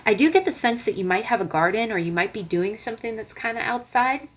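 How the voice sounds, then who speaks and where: Her voice a little high and expressive, this woman talks fast while doing a casual tarot reading aimed straight at her viewers. The audio is poor, and she rambles along chattily, restarting sentences and leaning on fillers.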